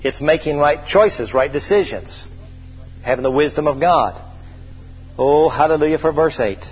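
A man's voice: on the high side, husky. A man preaching a sermon to a congregation, stretching out scripture readings and telling stories with energy. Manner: preacherly, drawn-out scripture reading, lively storytelling. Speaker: pastor. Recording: dull lo-fi hall recording.

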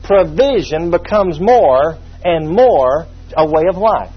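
A man's voice: a little high, lively intonation, slow pace, slightly rough. A man preaching a sermon, teaching from the Bible in a folksy, humorous way with asides. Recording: muffled lo-fi sermon recording.

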